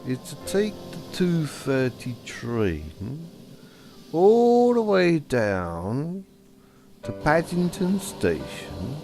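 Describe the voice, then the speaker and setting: A man's voice: medium pitch, gravelly, a little mellow, pitched above the performer's own voice, full character voice. A man voicing a helpful talking snowman who rambles as he gives directions.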